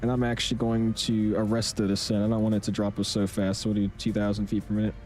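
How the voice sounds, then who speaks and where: A young man streaming a flight simulator, chatting casually in an excitable, rambling way full of slang. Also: lowish voice, fast talker, faint music behind. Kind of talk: casual livestream chat.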